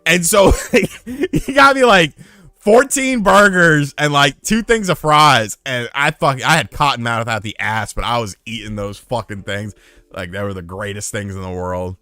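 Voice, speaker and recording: A man's voice: mid-range voice, moderate pace, bright, forceful tone, no echo. A man in his thirties hosting a casual livestream. He tells rambling, profane stories and thanks new members as they join. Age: 30s. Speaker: streamer.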